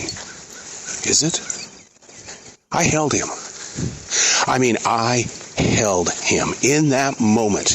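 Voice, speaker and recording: A middle-aged man hosting his own show, speaking in an earnest, halting, reflective way while out in a forest. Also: mid-range voice, a bit bright, a little hiss or hum, poor audio. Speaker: podcast host. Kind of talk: reflective spoken monologue. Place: outdoors in a forest.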